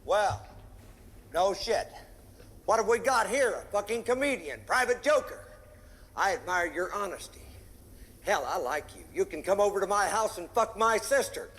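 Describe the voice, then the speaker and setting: A merciless drill instructor, roaring crude insults in a high, bright, piercing bark. His voice rings through an echoey room, like film audio played back aloud. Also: animated, normal speed, long pauses. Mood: mock-friendly. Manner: barking insults, crude and relentless. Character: brutal profane male drill instructor, merciless.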